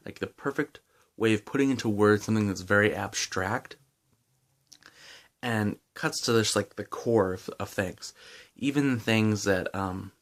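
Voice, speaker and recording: A man giving a casual, enthusiastic book review with lots of fillers and restarts while chewing gum. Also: lowish voice.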